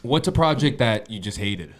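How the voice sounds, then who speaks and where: A man's voice: medium pitch, expressive, a little hiss or hum. A man hosting a podcast, laid-back and slangy, asking casual questions. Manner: laid-back, slangy, quick agreeing interjections. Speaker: podcast host.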